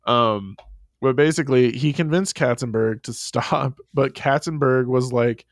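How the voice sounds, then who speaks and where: Male podcast co-host, lively swearing storyteller, dry close mic. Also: medium pitch, a little slow, no echo. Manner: animated storytelling, swearing, frequent laughs. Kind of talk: casual chat.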